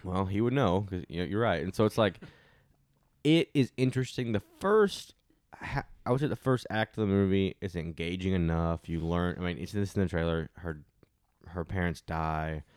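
A man's voice: sits low, moderate pace, a little mellow, smooth, no echo. A young man hosting a casual movie review podcast, rambling with frequent restarts and fillers. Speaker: podcast host.

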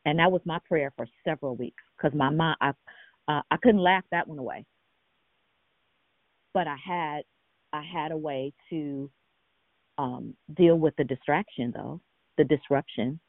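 A woman's voice: deep voice, unhurried, long pauses, no room sound. A woman preaches over a conference call, speaking earnestly and directly with rhetorical questions and frequent restarts. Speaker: minister leading a prayer call. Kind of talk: conversational sermon on a call. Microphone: phone or conference call. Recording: tinny phone line.

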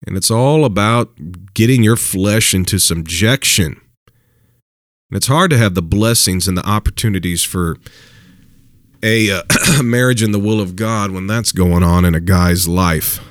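A man's voice: fairly low pitch, measured pace, dry recording, clean studio sound. A man preaching dating advice in a casual talk, emphatic and repetitive, chuckling between points.

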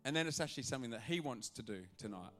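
A male pastor preaching a sermon to a church congregation, animated and acting out the voices in his stories. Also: medium pitch, racing, soft background music. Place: church auditorium.

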